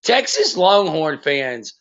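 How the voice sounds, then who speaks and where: A man ranting bluntly and profanely as a podcast host, in loose casual talk. His voice sits somewhat high. The recording sounds dull and lo-fi. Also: big pitch swings, takes it slowly, a bit bright. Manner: profane, blunt sports rant.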